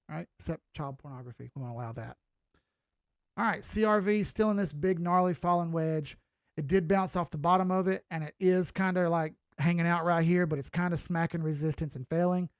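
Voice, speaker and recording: A folksy middle-aged man with a Southern drawl talks loosely through price charts, swearing now and then. His voice sits a little high and has a gravelly, fry-laden edge. The sound is close and dry, with no room echo. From Southern United States. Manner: folksy, chatty, mild swearing. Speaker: crypto chart analyst. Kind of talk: casual market commentary.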